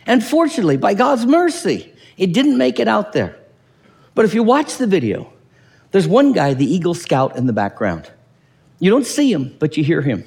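High-voiced gravelly preacher guy, swings his pitch all over, church hall echo. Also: normal speed. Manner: animated, acts out quoted voices, asks the audience questions. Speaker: pastor. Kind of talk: sermon.

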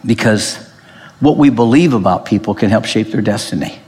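Male pastor, emphatic sermon delivery, very lively pitch, long hall reverb. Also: moderate pace. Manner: animated, emphatic preaching with frequent restarts.

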